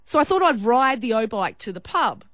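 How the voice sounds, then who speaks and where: An Australian woman co-hosting a radio breakfast show, telling a story with animated, laughing banter. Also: a little high, fairly quick, a little hiss or hum.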